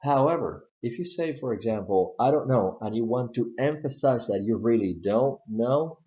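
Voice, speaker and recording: A man gives an English pronunciation lesson, explaining stress patterns step by step. His voice sits fairly low and he takes his time. The recording has a dull, slightly muffled quality. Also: warm tone. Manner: slow, explaining step by step with spoken examples.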